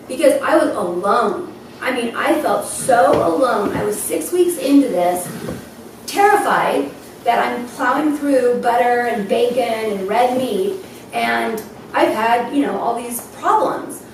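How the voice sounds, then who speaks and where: A woman shares her story at a gathering, her voice a touch high and heard from a distance. The room is very echoey, with clear noise underneath. She gets emotional and laughs through tears as she talks. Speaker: speaker at a health event. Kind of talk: personal testimony talk. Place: event hall.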